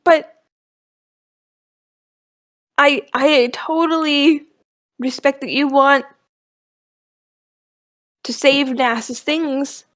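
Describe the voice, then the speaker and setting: A woman playing a tabletop game talks casually in a high voice. She is slow and hesitant, often restarting and laughing. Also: fairly even intonation, fairly bright tone. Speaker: player.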